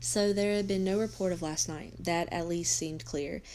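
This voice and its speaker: Female teacher narrating a novel, steady, slightly low voice. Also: moderate pace, a little hiss or hum. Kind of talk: audiobook reading for students.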